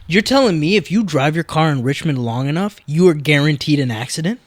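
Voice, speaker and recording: A man co-hosting a podcast, joking around with quick retorts in casual chat. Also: on the high side, lively intonation, no room sound, clean studio sound. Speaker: podcast co-host.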